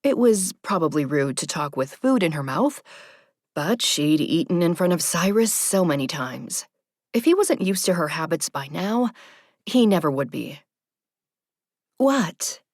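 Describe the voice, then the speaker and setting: Low, soft-voiced woman narrating a romance audiobook. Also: animated, normal speed, no room sound, clean studio sound.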